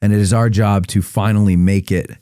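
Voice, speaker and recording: Male podcast host, casual, asks follow-ups; lowish dark voice, dry close mic. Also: little pitch movement, brisk, smooth, dry recording. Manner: conversational, asks clarifying questions.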